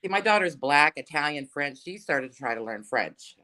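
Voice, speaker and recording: Livestream guest, casual chat, animated intonation, easygoing and talkative. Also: medium pitch, normal speed.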